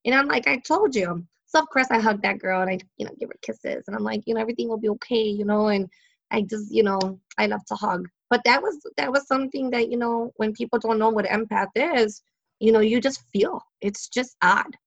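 A woman's voice: fairly high pitch, fairly quick, vocal fry, lo-fi sound. A woman psychic in an interview, telling stories in a chatty way, laughing often and using many fillers. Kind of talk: casual interview storytelling.

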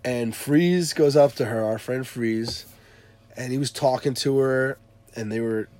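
A man casually recounting a funny party story to a friend, animated and laughing as he tells it. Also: mid-range voice, measured pace. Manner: animated, laughing retelling with quoted voices. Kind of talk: casual chat.

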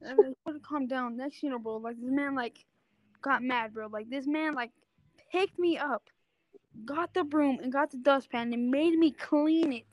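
A woman's voice: sits high, measured pace. A woman in casual chat on a phone call with no headset, telling rambling stories full of filler words.

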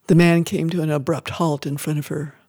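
A reader narrating a story in a measured, expressive way. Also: mid-range voice, dry recording, clean studio sound. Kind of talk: scripted audiobook narration.

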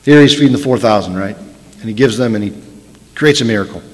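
A man's voice: on the low side, fairly quick, a little mellow. Man, rabbi, sermon, emphatic, restarts, echoing hall. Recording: long hall reverb.

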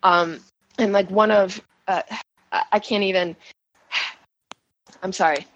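A shaken woman giving an emotional first-person account as a guest, halting and restarting, with nervous laughs. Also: medium pitch, steady tone, a bit bright, dry recording, lo-fi sound. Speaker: guest recounting events.

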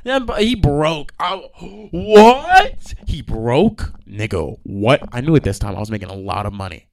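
A young man hosting a podcast, ranting in a profane, animated way with sudden loud outbursts. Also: lowish voice, normal speed, gravelly, no room sound, studio quality. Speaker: podcast host. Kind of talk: ranting monologue.

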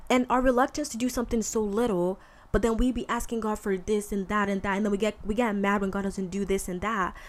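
Woman podcast host, mid-pitched, chatty and candid, faith talk. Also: fairly even intonation, quick pace. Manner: candid, conversational, colloquial with frequent fillers.

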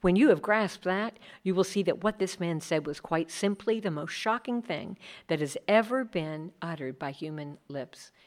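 A middle-aged woman speaks to a room in a lower voice, chatty and animated. She slips into other people's voices when she quotes them. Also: moderate pace, few pauses. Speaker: speaker leading a workshop. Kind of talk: conference talk.

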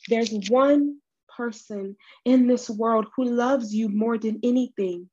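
A woman hosting a devotional podcast, speaking slowly and earnestly straight to the listener with encouragement. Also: on the high side, dark tone, dull audio. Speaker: podcast host.

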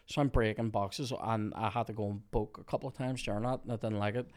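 A man hosting a podcast, telling a work story in a casual, animated way, swearing freely and laughing often. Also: on the low side, fast. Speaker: podcast host.

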